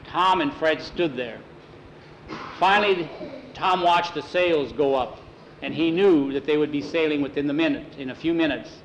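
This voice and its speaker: A man telling a story aloud in a plain, unhurried way. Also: on the high side, lo-fi sound, a little hiss or hum.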